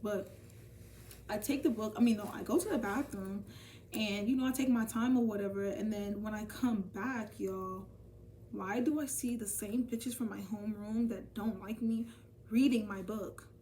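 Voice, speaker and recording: A young woman telling a casual storytime vlog, animated and profane, talking straight to her viewers. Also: mid-range voice, normal speed, recorded from a distance. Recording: voice from off the mic, faint ambient noise.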